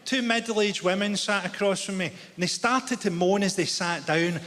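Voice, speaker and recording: A man from Glasgow with a Glaswegian Scottish accent, delivering a stand-up comedy set in dry, deadpan one-liners. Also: sits high, normal speed. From Glasgow, Scotland. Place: large theatre stage. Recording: reverberant theatre hall with audience noise.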